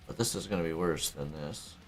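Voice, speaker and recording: A man giving casual, low-key commentary as he plays a farming game, often muttering to himself. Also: brisk, faint music behind. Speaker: streamer playing a farming game.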